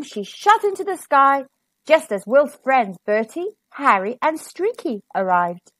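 A woman reading a children's storybook aloud in an expressive, animated way. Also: high voice, a little slow, no room sound.

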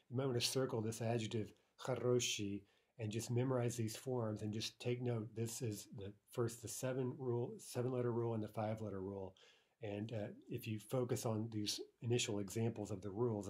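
A man teaching a recorded language lesson, explaining patiently and repeating example words slowly with frequent "right?" checks. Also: medium pitch, darkish tone, breathy edge.

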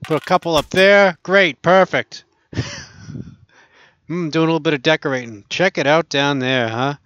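A man with a smooth, clear voice and a slightly higher pitch chats loosely through a VR game session. He talks to himself as he plays, amused and easygoing. The sound is dry and close, with no room around it. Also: normal speed, fairly bright tone, dry recording. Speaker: gaming channel host. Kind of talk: casual VR gameplay commentary.

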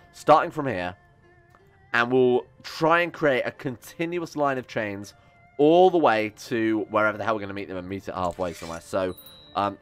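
A young man giving casual, chatty gameplay commentary, sarcastic and swearing as he talks back to the game's characters. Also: medium pitch. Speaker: gaming YouTuber.

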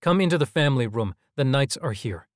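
A stern middle-aged father, brusque and firm, issuing short commands, played by a man. His voice is close and dry. He keeps control of the room without shouting. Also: medium pitch, expressive, a little fast, no echo, natural voice.

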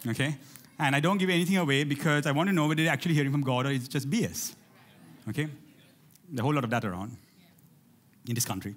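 Animated pastor, a man, rallying his congregation. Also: a little high, fast talker, long pauses. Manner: animated, rallies the congregation with call-outs. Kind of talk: sermon. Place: church.

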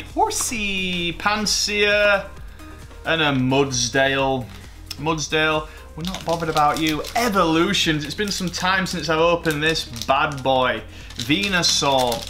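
A man with a bright, forceful voice talks slowly and casually as he opens card packs. He is excitable, swears freely and teases himself. Faint music plays behind him. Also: a little high. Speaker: card-opening YouTuber. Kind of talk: casual commentary while opening packs.

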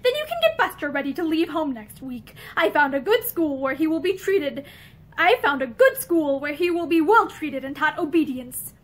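A domineering husband from a storybook speaks in short, clipped commands, as a woman reads him aloud. The voice sits high and swings lively up and down. He sounds bossy and sure of himself. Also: normal speed. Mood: stern. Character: curt, domineering husband, a man.

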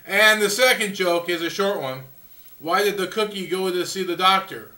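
A man's voice: sits high, moderate pace, pushed and bright, echoey room, far from the mic. A man hosting a daily video vlog who tells jokes goofily into a small camcorder's built-in mic. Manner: goofy, chuckles at his own jokes. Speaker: vlog host.

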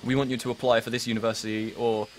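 A man's voice: medium pitch, little pitch movement, fast talker, a little hiss or hum, poor audio. A young man in his late teens with an English accent, chatting casually with viewers on a live stream in a rambling, self-mocking way with many restarts. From England. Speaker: livestream host.

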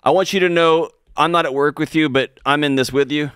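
A man co-hosting a call-in advice show, animated, acting out quoted speech in varied voices. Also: a little high, brisk, clear, resonant tone, no room sound, clean studio sound. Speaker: radio co-host. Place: radio studio.

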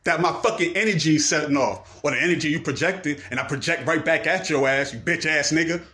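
A man rants confrontationally to a camera, his voice on the high side, brisk, bright and forceful. Heavy with profanity, he repeats himself and fires off accusing questions.

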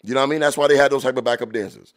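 A man hosting a podcast, reacting to old rap videos in loose, animated talk full of drawn-out exclamations. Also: medium pitch. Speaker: podcast host. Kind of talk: casual commentary reacting to music videos.

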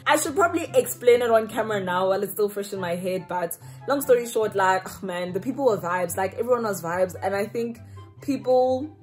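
A woman's voice: medium pitch, fairly quick, soft background music. Laughing young vlogger woman from South Africa. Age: young adult. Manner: animated storytelling, laughs often, slangy. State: slightly runny nose. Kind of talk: casual vlog chat to camera.

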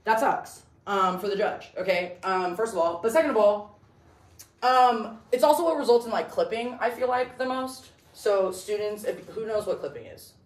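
A woman's voice: mid-range voice, lively intonation, normal speed, recorded from a distance. A young woman coaching debate in a casual, blunt classroom lecture, heavy on "like" and "okay?", recorded from across a roomy classroom. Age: young adult. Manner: blunt, chatty, full of "like" and "okay?".

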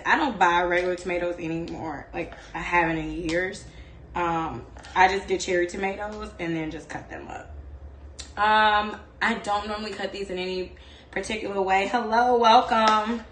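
A woman's voice: mid-range voice, echoey room, slight background noise. A woman hosting a home cooking show, chatting casually and expressively as she cooks. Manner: chatty and expressive, fond of the word "like". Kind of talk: casual chat while cooking. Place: home kitchen.

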